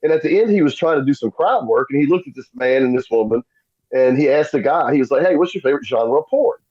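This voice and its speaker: A middle-aged man guesting on a podcast tells stories fast in a mid-range voice, with lo-fi sound. Casual and animated, he acts out the voices of the people in his tales.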